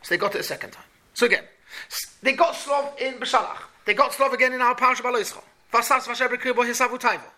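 Man, high voice, bright tone, teaching boys, keeps asking questions. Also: quick pace. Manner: questioning, animated, repeats points. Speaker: Torah teacher. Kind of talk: Talmud class for boys.

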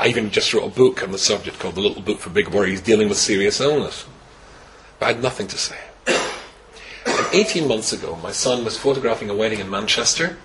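An older man from Scotland in his sixties, a rabbi telling a personal story with wry humor, dropping to a hush and then rising to exclaim. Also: lowish voice, a little hiss or hum, low-quality recording. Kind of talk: personal story told to a host.

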